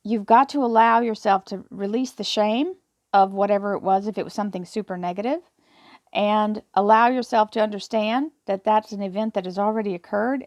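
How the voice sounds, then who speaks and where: A woman with a medium-pitched voice gives a spiritual affirmation talk to camera as a tarot reader. She reads the affirmations and explains them earnestly and supportively, often repeating words, in a dry recording.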